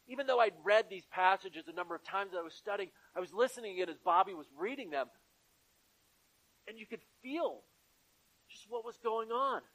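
High-voiced man preaching a sermon. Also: lively intonation, normal speed, fairly bright tone, low-quality recording. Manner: earnest, repetitive preaching cadence. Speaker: pastor. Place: church.

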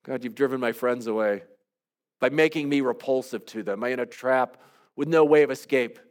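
A man leading a devotional, praying aloud in an earnest, pleading way with soft, hushed trailing endings, then teaching calmly. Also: mid-range voice, normal speed. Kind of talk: reflective spoken prayer and teaching.

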